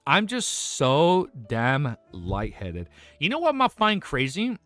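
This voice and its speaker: A young male streamer talks fast and excitedly to his chat, rambling, swearing and laughing as he gets overstimulated. His voice sits on the higher side and swings widely in pitch. The sound is dry and close, with faint music underneath. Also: no echo. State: overexcited and lightheaded. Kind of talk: excited casual livestream chat.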